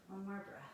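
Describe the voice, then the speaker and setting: A woman yoga instructor guiding a class through poses, calm and practical, slightly out of breath as she does the poses with the class. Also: lowish voice, slight background noise. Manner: calm step-by-step cues with self-aware asides. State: a little out of breath while doing poses. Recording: very echoey room, mic at a distance.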